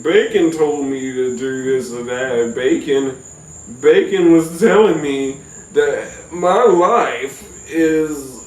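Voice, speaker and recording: A man telling a comic personal story in an animated, profane, rambling way. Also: fairly high pitch, distant mic. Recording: roomy echo, off-mic.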